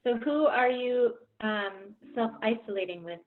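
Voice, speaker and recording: A woman's voice: fairly high pitch, a little slow. Bubbly woman on a tinny line. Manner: bubbly, enthusiastic. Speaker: acting teacher. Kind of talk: casual video-call interview. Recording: tinny video-call audio.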